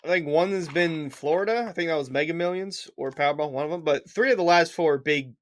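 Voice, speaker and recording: A man's voice: fairly high pitch, brisk. A man co-hosting a podcast, wry and teasing in casual chat. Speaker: podcast co-host.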